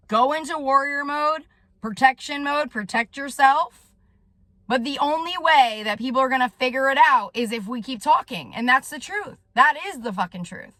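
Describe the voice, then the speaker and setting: A woman talks straight to her viewers in a heated, swearing rant and keeps punctuating her points with "okay?". Her voice sits high and sounds bright and sharp. The sound is dry and close, with no room echo. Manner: agitated, profane, tags sentences with "okay?". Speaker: vlogger and soul coach. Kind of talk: direct-to-camera rant.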